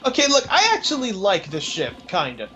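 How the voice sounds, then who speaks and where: A man narrating his own gameplay in a casual let's play, chatty and quick to laugh as he explains what he is doing. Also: high-pitched, wildly swooping pitch, sharp tone, muffled recording, slight background noise. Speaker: let's play host playing the game. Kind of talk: casual game commentary.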